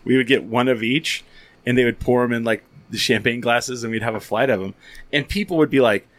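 A man's voice: mid-range voice, a little fast. A man hosting a podcast, telling rambling stories in casual chat, full of restarts and freely swearing. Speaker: podcast host.

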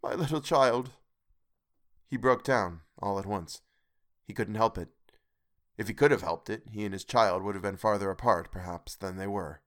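Man, audiobook narrator, low voice, measured expressive reading. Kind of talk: scripted narration.

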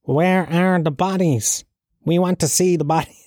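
A man putting on a Cork accent to voice a ranting male conspiracy theorist who keeps shouting the same demand. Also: high-pitched, steady tone, unhurried, no room sound, studio quality, pitched above the performer's own voice. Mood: indignant shouting. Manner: shouting, indignant, repetitive.

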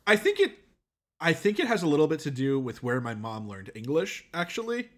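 A man with a somewhat raised pitch talks in a relaxed podcast chat. He explains things, often restarting his sentences. The tone stays easy and conversational. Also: a little fast. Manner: chatty, explains with many restarts. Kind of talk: casual chat.

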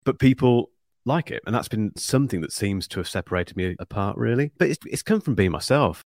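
A man in his forties from England with a neutral English accent and a very low voice. He talks quickly in a reflective, self-deprecating way, and the sound is dry and close. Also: expressive, a little mellow, no room sound. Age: 40s. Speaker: guest YouTube creator. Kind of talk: casual podcast chat.

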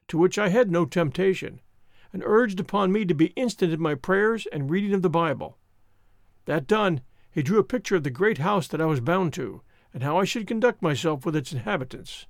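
A man reads a classic novel aloud in a measured, formal storytelling manner. His voice is high and very animated in pitch, recorded close and dry. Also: no echo. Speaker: narrator. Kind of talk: audiobook narration.

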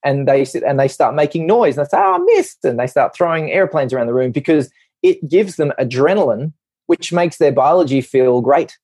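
A man, a doctor guest on a podcast, explaining a topic in lively talk and acting out quick little voices in his examples. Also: mid-range voice, husky, dry recording.

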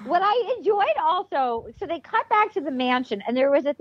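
A woman's voice: high voice, very animated, normal speed, dry recording. A woman co-hosting a podcast, chatting casually and bluntly, gossiping and swearing now and then. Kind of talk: casual chat. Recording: slightly dull lo-fi sound.

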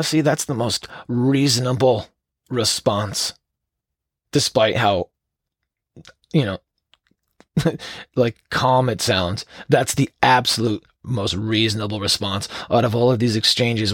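A man hosts a casual solo podcast, riffing on strange news stories while swearing constantly and breaking into bursts of laughter. His voice is on the low side and moves at a moderate pace. The recording is clean studio sound with no echo.

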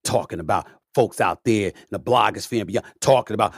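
A man's voice: animated, a little fast, few pauses, no echo. Emphatic man ranting in a dry recording. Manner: emphatic, swings between low mutters and loud rants; profane, repetitive, preacher-like cadence. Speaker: podcast host. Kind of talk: opinionated monologue.

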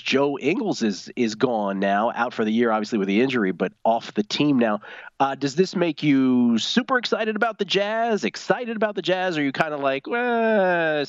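A man's voice: medium pitch, no echo, dull audio. A man hosting a sports betting show in an easygoing, chatty manner.

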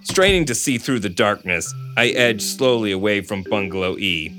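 A man's voice: lowish voice, moderate pace, over music. A man co-hosting a book podcast. He chats casually and laughs often, and he reads a first-person crime novel aloud. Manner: laughs often, says "like" often in chat, steady when reading.

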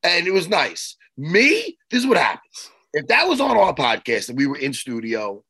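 A man co-hosting a casual podcast, talking in an animated, jokey way that swings all over in pitch. His voice is gravelly and bright with a husky edge. The sound is close and dry. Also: normal speed, dry recording, low-quality recording. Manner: animated, jokey, acts out scenes. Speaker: podcast co-host. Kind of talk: casual chat.

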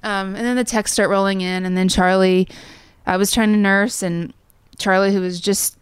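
A woman's voice: medium pitch, steady tone, normal speed, smooth, no room sound, clean studio sound. A woman in her thirties, a songwriter guest, telling a personal story in a rambling way with lots of fillers. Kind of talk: conversational storytelling.

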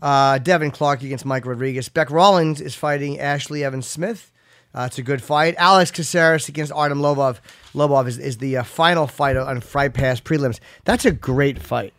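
A man's voice: mid-range voice, moderate pace, fairly bright tone, no echo. A man hosting a casual sports chat, upbeat as he runs through fight lists. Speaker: podcast host.

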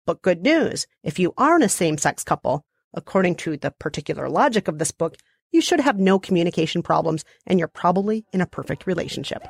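A woman co-host reads through a list of steps with a dryly ironic edge. Her voice sits slightly low. It is recorded close, with almost no room sound. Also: no echo. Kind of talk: scripted summary with wry asides.

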